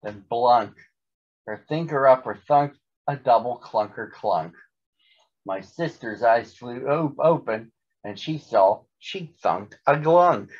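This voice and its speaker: A man voicing a young male cat, the big brother who narrates a rhyming storybook in a steady reading voice. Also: mid-range voice, takes it slowly, lo-fi sound. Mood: calm.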